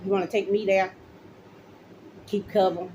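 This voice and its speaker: A woman's voice: medium pitch, flat delivery, unhurried, dark tone, a little hiss or hum, low-quality recording. A middle-aged woman, a mother, ranting straight to the camera, accusing officials directly and repeating her points. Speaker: mother speaking out. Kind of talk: angry direct-to-camera rant.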